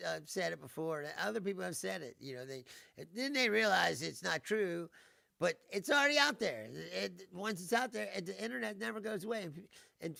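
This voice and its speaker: A middle-aged man hosts his own show, delivering a casual, profane rant full of swearing, frequent laughter, mockery, and sarcasm. His voice is high, gravelly, pushed, and bright. The recording is dry and studio quality.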